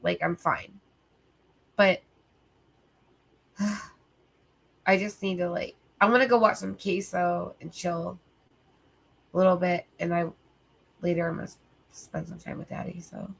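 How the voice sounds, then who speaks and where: A woman's voice: on the low side, unhurried, gravelly, long pauses. Sleepy, rambling woman livestreamer. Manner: rambling, filler-heavy, profane. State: sleepy, tired. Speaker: livestream host. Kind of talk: casual livestream chat.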